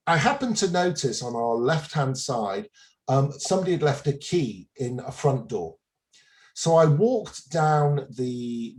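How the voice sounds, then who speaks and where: A man in his fifties, a guest on a talk show, telling a story in a relaxed, chuckling way with frequent restarts. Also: medium pitch. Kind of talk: casual interview anecdote.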